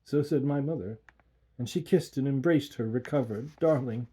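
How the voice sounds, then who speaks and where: A man reading a classic horror tale aloud with an expressive, theatrical delivery. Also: medium pitch, moderate pace.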